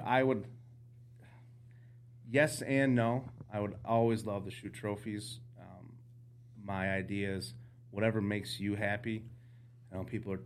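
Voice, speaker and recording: Guesting on a podcast, a man with a fairly low voice casually tells hunting stories, animatedly acting out the dialogue in his anecdotes. A little hiss or hum sits under the recording.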